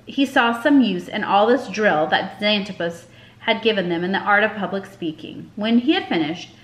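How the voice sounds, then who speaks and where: A woman narrating a children's chapter book aloud with expressive storytelling. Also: medium pitch, moderate pace. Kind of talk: audiobook narration. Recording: echoey room.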